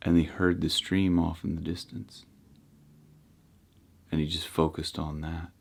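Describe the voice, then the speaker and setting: A man with a very low, deep voice talks slowly and unhurriedly, as if explaining meditation to a friend. He rambles, circles back and restarts his sentences, and his phrases often trail off softly. It is a casual self-help talk to camera. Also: level tone, creaky. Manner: rambling, with frequent restarts and soft trailing endings. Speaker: meditation channel host.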